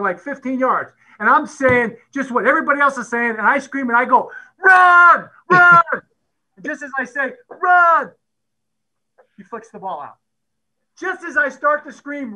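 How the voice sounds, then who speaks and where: Brief: middle-aged man, football coach, lively storyteller who plays out quotes; higher pitch, bright edge. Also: rough recording. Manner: animated storyteller who acts out quotes and laughs often. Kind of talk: storytelling at a conference talk.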